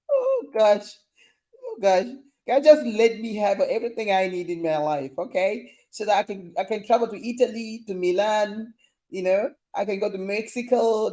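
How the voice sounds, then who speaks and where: A man's voice: high-pitched, dark tone. A young man hosting a casual live stream, reading viewer comments in a playful, teasing way and laughing often.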